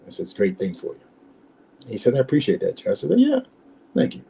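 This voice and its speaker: A man's voice: fairly low pitch, wildly swooping pitch, quick pace, creaky, dark tone, a little hiss or hum. A man in his sixties, a former pro running back, telling stories as a podcast guest in an emphatic way, repeating words and acting out the exchanges he quotes. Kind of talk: podcast interview storytelling.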